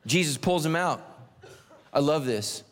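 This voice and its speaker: A middle-aged man delivers a sermon with animated storytelling, swinging his pitch wide as he acts out characters. His voice sits a touch high for a man. The sound carries the long reverb of a large hall. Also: a little slow. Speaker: pastor.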